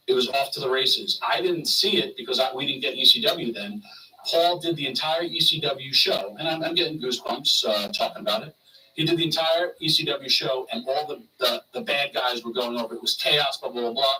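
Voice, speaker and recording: A man spins animated stories in a casual chat, switching into the voices of the people he quotes. His voice is very bright and forceful. He sits a little back from the mic, with a faint hiss underneath. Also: mid-range voice, distant mic, low-quality recording. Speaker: wrestler telling stories on a stream. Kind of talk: casual storytelling.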